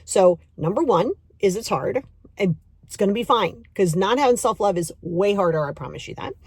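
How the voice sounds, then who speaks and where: A middle-aged woman with a husky voice gives an emphatic self-help talk to her podcast listeners. She repeats her points and coaxes the listener directly. The sound is dry and close. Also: mid-range voice, lively intonation, a little mellow, no room sound. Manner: acts out inner voices in quick asides. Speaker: podcast host and self-love coach.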